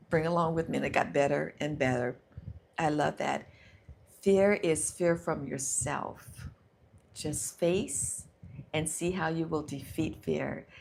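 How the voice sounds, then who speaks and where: A woman hosting a live stream, giving a casual motivational talk with animated self-talk. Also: low-pitched, vocal fry, a little hiss or hum. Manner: warm, animated self-talk, sometimes laughing. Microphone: microphone close by.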